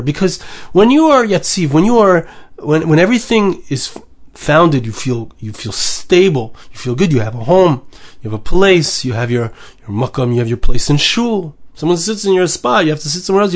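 Giving a Torah lesson in sermon form, a man with a light, high voice speaks earnestly. He repeats himself for emphasis and sprinkles Hebrew terms through his English.

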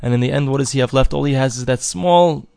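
Earnest male religious teacher; mid-pitched, storytelling, dry recording. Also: fast, gravelly, a little mellow, no room sound. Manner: earnest teaching, acts out voices in stories. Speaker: Torah teacher.

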